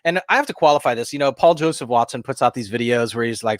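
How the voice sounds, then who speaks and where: A man's voice: medium pitch, fast, few pauses, no room sound. Rambling male podcast co-host, dry sound. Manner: rambling storyteller, many fillers and restarts. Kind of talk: casual podcast chat.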